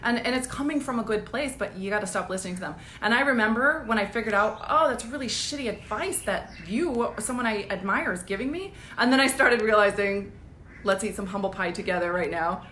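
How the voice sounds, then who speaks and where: A woman business coach giving a casual live-streamed pep talk, energetic and blunt, laughing often and swearing casually. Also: medium pitch, brisk, reverberant, slight background noise.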